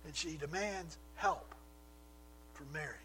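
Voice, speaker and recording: Pria pengkhotbah bersuara agak tinggi. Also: male voice, fairly high pitch, takes it slowly, sharp tone, soft background music, rough recording. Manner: storytelling, acting out quoted lines with rhetorical questions. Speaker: preacher. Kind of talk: sermon.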